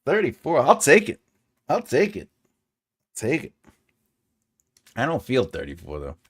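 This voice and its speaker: A man in his forties chatting casually with his audience during a writing stream. His pitch swings around a lot as he talks. He jokes often, laughs easily and wanders off into rambling asides. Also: wildly swooping pitch, measured pace, slightly rough. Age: 40s. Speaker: writing channel host. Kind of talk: casual livestream chat.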